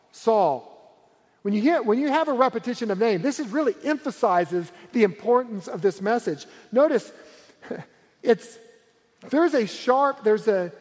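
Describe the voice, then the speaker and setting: A man's voice: sits high, darkish tone. A man preaching a sermon as pastor, earnest and emphatic, repeating key words for weight. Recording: reverberant hall.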